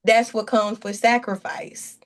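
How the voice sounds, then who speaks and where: A woman pastor tells her testimony in a guest chat, her voice sitting a little high. She talks earnestly and from the heart, rambling and restarting as she goes. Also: flat delivery, unhurried.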